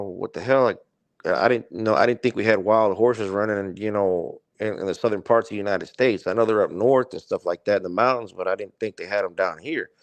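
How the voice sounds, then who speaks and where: A man's voice: on the low side, dry recording. A man guest on a podcast, telling a story in a casual, rambling way, full of swearing and "like". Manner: rambling, profane, heavy use of "like".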